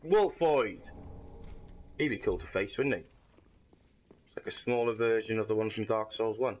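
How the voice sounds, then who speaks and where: A man commenting on his own gameplay, swearing and shouting in frustration at enemies. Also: lowish voice, normal speed, a little hiss or hum. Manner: sweary, frustrated outbursts at the game. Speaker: gamer. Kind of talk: let's play commentary.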